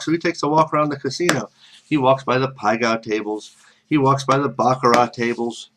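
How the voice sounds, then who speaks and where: A man's voice: on the high side, normal speed, a bit bright, slight background noise. A man telling a casual spoken story with rambling, self-correcting asides.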